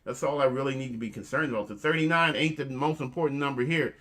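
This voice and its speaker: A man hosts a relaxed chat show with a playful, teasing streak, cracking jokes one moment and giving earnest motivational advice the next. His pitch sits in an ordinary middle range, and he keeps addressing listeners as family. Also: fast. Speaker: host.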